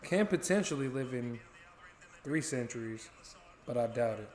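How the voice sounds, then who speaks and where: Young American man, joking live-stream co-host, mid-pitched, some room echo. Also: lively intonation, moderate pace, darkish tone, slight background noise. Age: young adult. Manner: joking, swears freely, chats to viewers. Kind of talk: casual live-stream chat. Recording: roomy echo.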